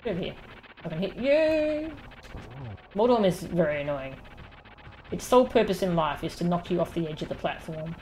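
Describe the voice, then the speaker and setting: A woman giving casual live commentary while she plays a video game, chatting and teasing the boss out loud. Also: fairly low pitch, fast talker, a little hiss or hum. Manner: chatty, teases the game's boss aloud. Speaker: game streamer.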